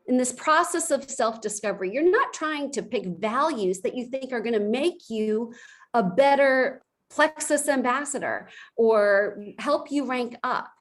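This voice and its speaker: Female presenter, forties, passionate and fiery, unhurried delivery, motivational team trainer. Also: fairly high pitch. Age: 40s.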